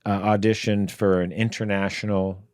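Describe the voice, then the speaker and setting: A man's voice: lowish voice, level tone, moderate pace, a little mellow, no room sound, studio quality. A male podcast co-host and actor, telling rambling, hesitant anecdotes full of restarts. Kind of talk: casual podcast chat.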